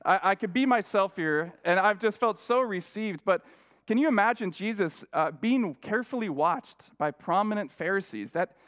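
A man's voice: sits high, animated, moderate pace, fairly bright tone. A male guest preacher giving a conversational sermon, telling stories with frequent restarts and self-deprecating asides.

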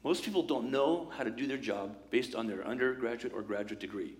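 A man preaching a sermon as pastor, in a lively conversational way, acting out quoted voices and asides. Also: medium pitch, a little fast.

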